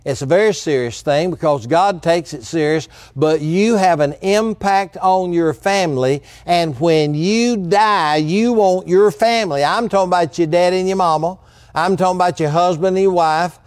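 A man's voice: high-pitched, normal speed, darkish tone, no room sound. A man preaching a sermon as pastor, folksy and direct with the congregation.

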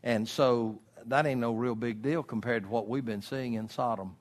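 A middle-aged man preaching a homespun sermon. He moves between quiet asides and loud, drawn-out emphatic lines. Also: fairly low pitch. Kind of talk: folksy sermon.

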